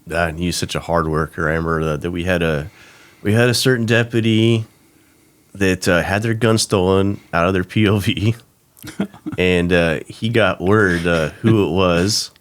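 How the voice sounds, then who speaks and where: Very deep-voiced retired deputy. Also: male voice. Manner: halting, many fillers and restarts, speeds up when excited. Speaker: retired sheriff's deputy, guest. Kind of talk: casual interview chat.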